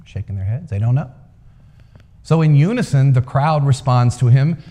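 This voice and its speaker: Male coach, lively storyteller, mid pitch, reverberant hall. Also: brisk. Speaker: speaker, coach. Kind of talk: storytelling talk to a live audience.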